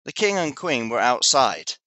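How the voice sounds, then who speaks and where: Man, English teacher, storybook read-aloud, slow, dry close sound. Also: medium pitch, big pitch swings, sharp tone, no room sound. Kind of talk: reading a children's storybook aloud.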